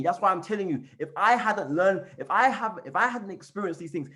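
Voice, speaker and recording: A man giving an energetic motivational training on a call, repeating and chanting phrases as he coaches his team. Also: high voice, brisk, hardly any pauses. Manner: fired-up, repetitive, chanting phrases. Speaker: network marketing trainer. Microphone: call recording.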